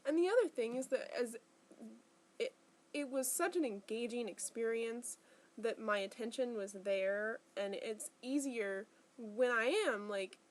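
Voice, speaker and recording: A woman's voice: a little high, unhurried. A young woman in casual vlog talk, chatty and rambling with lots of fillers, tired and in pain. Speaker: vlogger.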